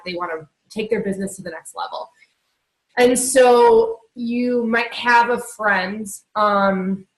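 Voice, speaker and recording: A woman's voice: mid-range voice, echoey room, poor audio. A woman in a casual chat who tells stories candidly and laughs easily.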